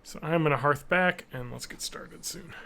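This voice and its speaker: A man's voice: on the high side, normal speed, vocal fry, pushed and bright. A man hosting a casual live-streamed podcast, rambling and joking while he plays a game. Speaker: podcast host.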